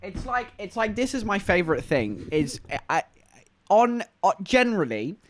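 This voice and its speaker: A man's voice: high voice, big pitch swings, moderate pace. A man with an English accent, chatting casually and rambling to viewers on a live stream. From England.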